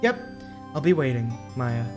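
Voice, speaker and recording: A man voicing a calm, composed young woman lawyer in a soft, measured tone over game music. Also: mid-range voice, lightly acted.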